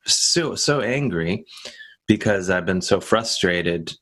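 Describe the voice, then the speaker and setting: Podcast host guy, really low voice, rambly chatty stories w little quoted bits. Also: expressive, takes it slowly, a bit bright. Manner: rambling storytelling with acted-out quotes. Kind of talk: casual chat.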